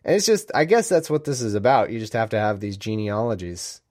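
A man's voice: fairly low pitch, very animated, brisk, a little mellow. A man hosting a casual podcast stream from a room at home, rambling and joking as he keeps cutting himself off. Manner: rambling, joking, self-interrupting. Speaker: podcast host. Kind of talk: casual livestream chat.

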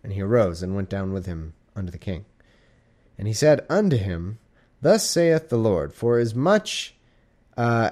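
A man's voice: on the low side, a little mellow. A man reading scripture aloud in a casual, irreverent way, breaking off into joking asides and mock-dramatic quoted voices, sounding drowsy. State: drowsy, sleepy. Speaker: casual Bible reader. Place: warm room at home.

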